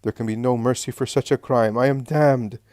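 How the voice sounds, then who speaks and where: A man's voice: lowish voice, moderate pace, mellow, dry recording, studio quality, natural voice. Man doing a terrified, pleading penitent. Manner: frantic, pleading, sobbing cries. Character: terrified repentant man, would-be assassin.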